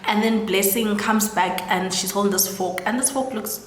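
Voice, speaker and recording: This South African woman speaks at a normal speed in a mid-range voice with fairly even intonation. As a storytelling host, she chattily recaps a story, uses "like" constantly, and acts out what the characters said. The room is echoey, with a long reverb.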